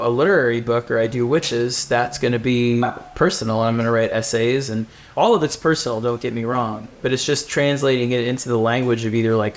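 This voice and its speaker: A man speaking as a comic book writer on a live panel, animated and rambling, laughing between thoughts. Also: mid-range voice, slight background noise. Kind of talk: casual live panel talk. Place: live event before an audience.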